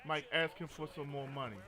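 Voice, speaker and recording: A man streaming a video game, chatting casually, joking and telling stories. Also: on the high side. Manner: joking, storytelling, frequent laughter. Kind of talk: casual gaming commentary.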